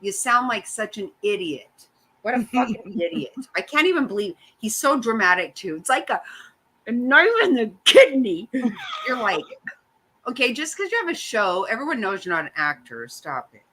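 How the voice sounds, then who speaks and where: A woman's voice: mid-range voice, sing-song, normal speed, bright, forceful tone, low-quality recording. A middle-aged woman hosting a casual chat, ranting bluntly and swearing often. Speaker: host.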